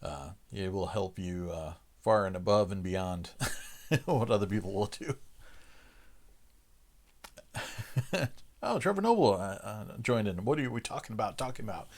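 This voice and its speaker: A man's voice: fairly low pitch, unhurried, pauses often. A man hosting a livestream, chatting casually with viewers and chuckling between loose, filler-heavy sentences. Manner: relaxed, chuckling, lots of "uh" fillers. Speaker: livestream host. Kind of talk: casual chat with live chat viewers.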